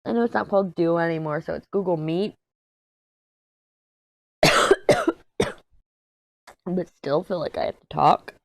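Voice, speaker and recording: Low-voiced, hoarse woman. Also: unhurried, pauses often, no echo. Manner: rambling, self-deprecating, low-energy. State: hoarse, worn out. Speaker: crafting YouTuber. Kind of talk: casual chat while diamond painting.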